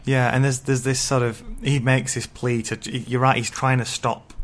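A man's voice: medium pitch, little pitch movement, normal speed. A man co-hosting a casual book-discussion podcast, laying out ideas step by step. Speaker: podcast co-host.

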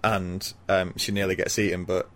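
A man's voice: low voice, flat delivery, normal speed, a bit bright. A man casually recapping a film plot for a podcast, rambling with ums and little laughs. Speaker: podcast co-host.

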